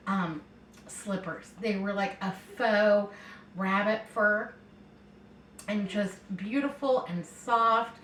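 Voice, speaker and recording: A woman's voice: medium pitch, a little hiss or hum. A middle-aged woman chatting and telling a long, meandering story while she cooks at home, often circling back with "anyhow.". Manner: rambling, meandering, keeps saying anyhow. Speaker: home cooking vlogger. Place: home kitchen. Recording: echoey room, mic set far off.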